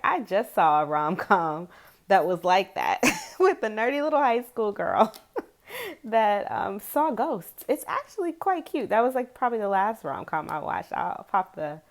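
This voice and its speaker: A woman's voice: mid-range voice, big pitch swings, normal speed. A woman in her forties, chatting casually to camera as a tarot video creator, rambling and chatty, with frequent giggles.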